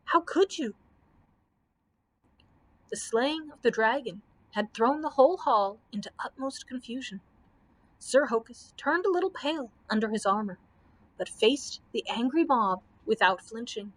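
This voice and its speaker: A woman's voice: a little high, normal speed, rough recording. Woman librarian reading a storybook aloud. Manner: expressive storytelling. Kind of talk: children's book read-aloud.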